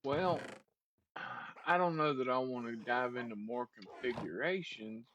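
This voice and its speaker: A man's voice: medium pitch, lively intonation, measured pace, dull audio, noisy background. Hesitant rambling man chatting while gaming. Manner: hesitant, rambling, restarts often. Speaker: gameplay host. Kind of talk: casual chat while playing.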